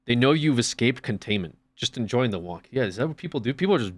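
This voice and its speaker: A man's voice: mid-range voice, animated, quick pace, hardly any pauses. A man streaming, chatting casually, swearing often and acting out little scenes. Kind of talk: casual chat.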